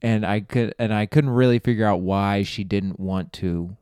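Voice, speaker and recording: Young man telling stories with a smooth voice. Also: on the low side, flat delivery, moderate pace, a little mellow, no echo, clean studio sound. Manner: rambling storyteller, laughs at own jokes. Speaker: podcast host. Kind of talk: casual comedic monologue.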